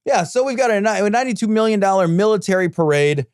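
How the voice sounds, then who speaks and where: Heated, crude man with a high voice. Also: lively intonation, fast, hardly any pauses, darkish tone, clear, resonant tone, no echo, studio quality. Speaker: podcast co-host. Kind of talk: casual political chat.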